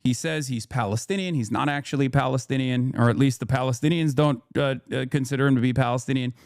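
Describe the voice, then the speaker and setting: A man's voice: medium pitch, steady tone, fast talker, darkish tone, no echo, studio quality. A man in his thirties streaming a profane, angry rant, retelling a run-in and quoting people in raised voices. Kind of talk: profane ranting commentary.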